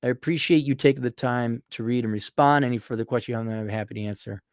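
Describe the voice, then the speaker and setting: A man's voice: mid-range voice, fast, clear, resonant tone, no room sound, studio quality. A middle-aged man giving a blunt, profane, casual monologue answering listener questions, acting out quoted exchanges.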